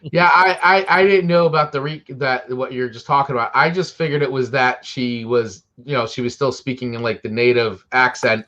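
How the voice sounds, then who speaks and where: Brief: male co-host, mid-pitched, eager fan talk, muffled lo-fi line. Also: fairly even intonation, moderate pace, bright, forceful tone. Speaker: podcast co-host. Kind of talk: casual chat about TV shows.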